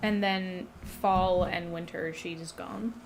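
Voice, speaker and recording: A woman's voice: lowish voice, steady tone, takes it slowly, a little hiss or hum. Giggly, foul-mouthed woman telling a story. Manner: profane, giggly, rambling storyteller. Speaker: streamer and map maker. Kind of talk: casual chat, retelling a myth.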